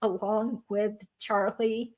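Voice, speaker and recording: A woman's voice: medium pitch, level tone, slow pace, darkish tone, a little hiss or hum. A woman, a lawyer hosting a YouTube show, talking in a friendly, conversational way on a video call. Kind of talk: casual interview chat.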